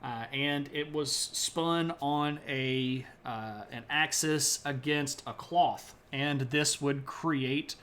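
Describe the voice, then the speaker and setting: A man's voice: medium pitch, takes it slowly, hardly any pauses, fairly bright tone. A man giving a casual, joking history talk on a live stream, rambling with lots of fillers and stopping to greet viewers in chat. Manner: loose and rambling with many fillers.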